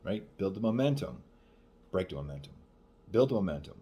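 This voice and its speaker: A man with a deep, mellow voice talks briskly, his pitch swinging widely, as he delivers casual dating advice into the camera. He often asks "right?" and acts out quoted exchanges.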